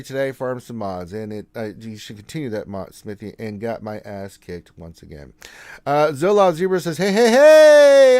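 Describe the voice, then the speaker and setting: A man hosting a casual gaming livestream, reading out viewer greetings and answering them in a relaxed, chatty way. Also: medium pitch, smooth. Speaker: game streamer host.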